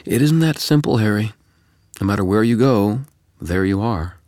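A man voicing a calm, knowing male double of the hero, probing and wry, in an audiobook. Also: lowish voice, normal speed, no echo, clean studio sound, pitched above the performer's own voice, lightly acted. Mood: coaxing. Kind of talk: audiobook character reading.

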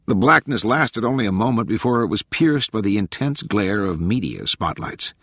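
A man narrating an audiobook in a measured, even reading with a husky voice. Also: lowish voice, no room sound, clean studio sound. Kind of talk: scripted narration.

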